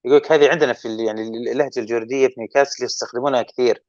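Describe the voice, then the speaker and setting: Saudi male host, rapid-fire, dull lo-fi dry sound. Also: mid-range voice, fairly even intonation, no room sound. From Saudi Arabia. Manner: rapid, switches between English and Arabic. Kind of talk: casual chat.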